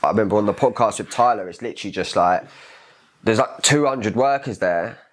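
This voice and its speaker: A man's voice: on the low side, brisk. A young English man hosting a podcast, reflective and rambling as he talks. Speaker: podcast host. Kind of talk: casual chat.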